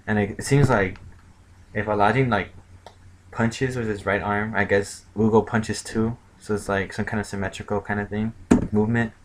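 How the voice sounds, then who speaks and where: A man's voice: fairly low pitch, slight background noise, rough recording. A man casually retelling a manga chapter as a reviewer, rambling and full of filler words.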